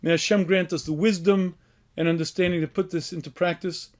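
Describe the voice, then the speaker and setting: Rabbi preaching, a man with a high voice who tells stories and acts out the voices in them, clears his throat often. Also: fairly even intonation, a little fast. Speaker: rabbi giving a talk. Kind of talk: inspirational sermon. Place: yeshiva event.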